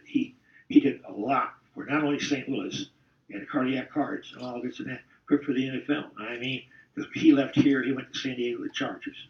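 A man's voice: mid-range voice, vocal fry. Older man, casual storytelling, chuckling and salty, echoey room, muffled sound. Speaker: former football player recalling the past. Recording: distant, roomy, dull-sounding recording.

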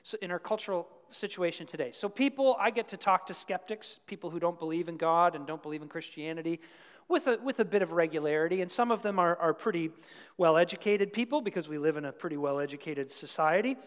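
A man's voice: a little high, fast talker. A Canadian-born man preaching a sermon in a chatty, folksy way, asking his listeners questions. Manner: conversational, folksy, asks the crowd questions. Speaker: pastor. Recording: long reverb of a large hall.

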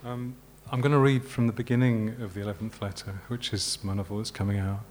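A man from Yorkshire, an author reading his novel aloud at a live literary event in a measured, unhurried way. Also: fairly low pitch, flat delivery, darkish tone, a little hiss or hum. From Yorkshire, England.

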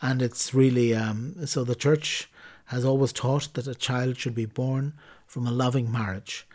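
A man's voice: mid-range voice, steady tone, unhurried, darkish tone. A man hosting a podcast who reads a church teaching text aloud with a few slips and corrections, then explains it casually with many ums and restarts. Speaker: podcast host reading and explaining Catholic teaching. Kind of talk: reading a text aloud, then unscripted commentary.

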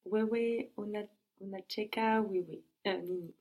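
A woman learner answering a teacher's prompts carefully, often starting a word over. Her voice is gravelly with vocal fry, at a middling pitch. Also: fairly even intonation, a little slow, darkish tone. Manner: careful, tentative, restarts words. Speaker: language learner.

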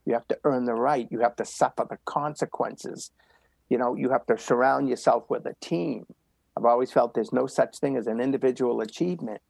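Gravelly older man, emphatic storyteller. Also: mid-range voice, a little fast, a little mellow, dry recording. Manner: emphatic, repetitive motivational delivery. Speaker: guest runner. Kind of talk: storytelling interview.

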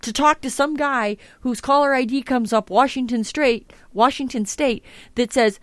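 A woman's voice: sits high, normal speed, few pauses, no echo, clean studio sound. A woman hosting a podcast, chatting casually and ranting with lots of swearing. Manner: profane, ranting, exasperated. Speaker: podcast host. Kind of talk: casual chat.

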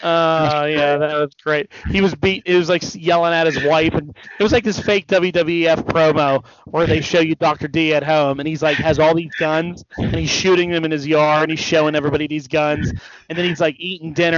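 A man's voice: a little high, steady tone, fairly quick. A man co-hosting a casual wrestling talk show, retelling stories animatedly and swearing freely. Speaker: podcast co-host. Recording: dry, dull lo-fi sound.

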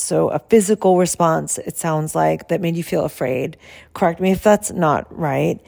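A woman health coach who explains her service in a soft, calm and soothing way and guides slow breathing. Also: deep voice, creaky.

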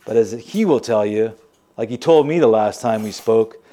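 A man's voice: fairly low pitch, normal speed, warm tone, lightly acted. A man playing a wry, bitter grown son. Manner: sardonic, confiding. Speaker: narrating character. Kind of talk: first-person audio drama monologue.

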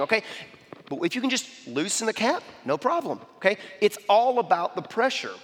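Guy preaching animated, lots of okay? and restarts, bit higher voice, big echoey hall. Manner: animated, repeats "okay?" and "I mean", frequent restarts. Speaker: speaker giving a talk. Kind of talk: sermon-style talk with personal stories.

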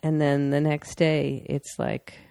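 A woman's voice: sits low, completely flat delivery, slow, gravelly, mellow, clean tone, dry recording, clean studio sound. A young woman talking casually and candidly with her partner, rambling a bit and laughing often. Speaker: partner sharing a personal story. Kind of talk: casual conversation.

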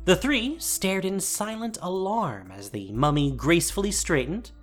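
Audiobook narrator: a woman with a low, expressive voice, varied pitch. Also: a little slow. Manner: expressive storytelling. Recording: faint music behind.

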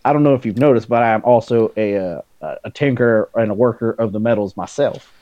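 A man's voice: fairly low pitch, brisk, warm tone, no room sound, dull audio, faint music behind. A man playing his character in a tabletop game, hesitant and fumbling with lots of uh and um. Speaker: player.

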